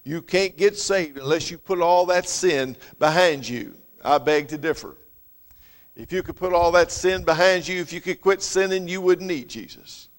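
A man preaching a sermon, his earnest delivery swelling loud and then dropping soft. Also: high-pitched, normal speed, in a large hall.

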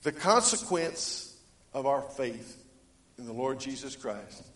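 A man preaching a sermon, reading scripture and swinging between loud emphatic lines and quiet ones. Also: expressive, takes it slowly, reverberant, slight background noise. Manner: rises to loud emphatic preaching, then drops low; reads scripture aloud in old-fashioned wording. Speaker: pastor.

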